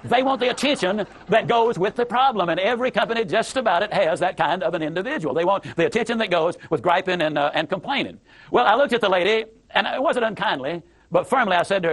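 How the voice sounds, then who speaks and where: A man's voice: high voice, expressive, fast talker, fairly bright tone, slightly rough. A man giving a motivational talk, telling a story in an emphatic, folksy way with repeated phrases. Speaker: motivational speaker.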